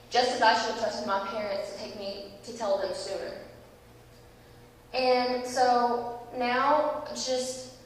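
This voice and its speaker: A young woman giving a church talk, telling a lively story and acting out its people. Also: on the high side. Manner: lively storytelling, acts out voices. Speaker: youth speaker. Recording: echoey hall, distant mic, faint hiss.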